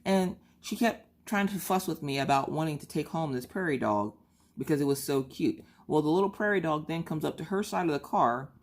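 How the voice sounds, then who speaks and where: A woman in her thirties chatting casually on her vlog, telling a family story in an animated, exasperated way. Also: low voice. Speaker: vlogger.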